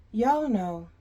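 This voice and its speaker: A woman's voice: fairly high pitch, mellow. A woman telling a storytime to her viewers in a casual, exasperated way, sighing often. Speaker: storyteller vlogger.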